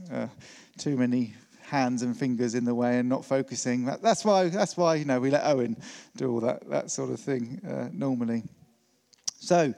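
Preacher in a reverberant hall. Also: male voice, on the high side, a little mellow. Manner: conversational, with fillers and self-corrections. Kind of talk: sermon.

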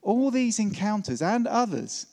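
A man's voice: high voice, very animated, a little slow, gravelly, a little mellow, big-room sound. A man preaching a conversational sermon, chatty and loose, with fillers and self-corrections.

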